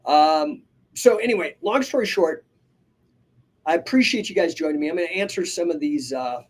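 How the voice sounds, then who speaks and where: A man's voice: on the high side, expressive, normal speed. A man hosting a live podcast, telling stories energetically with many asides and casual swearing. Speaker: podcast host and coach. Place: live stream.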